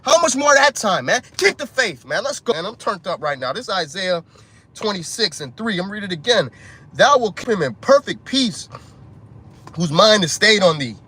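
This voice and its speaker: Urgent high-voiced street preacher, man. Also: pushed and bright, slightly rough. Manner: urgent, profane, repeats "man" and "bro". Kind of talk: informal street sermon.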